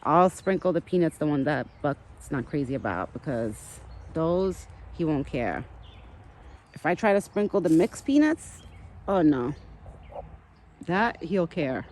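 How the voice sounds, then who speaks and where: A woman's voice: sits low, very animated, unhurried, a little mellow. A woman casually chatting to camera in her backyard, rambling on and talking sweetly to her deer. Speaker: vlogger feeding a pet deer. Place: outdoors in a backyard.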